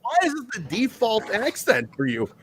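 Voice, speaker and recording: A man's voice: high voice, a loud crowd. A man co-hosting a wrestling review podcast in casual chat, teasing the others and laughing often. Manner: animated, teasing, quick to laugh. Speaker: podcast co-host.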